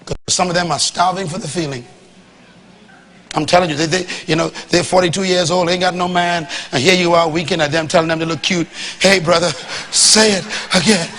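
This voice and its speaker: A man preaching a sermon to a congregation, swinging from loud to hushed and acting out quoted dialogue. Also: high voice, steady tone, fairly quick, slight background noise. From Bahamas. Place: church hall before a live congregation.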